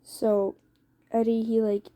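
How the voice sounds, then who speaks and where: A woman's voice: a little high, flat delivery, takes it slowly, dark tone. A woman telling a second-person fan story aloud in a rambling, casual way, full of fillers and swearing.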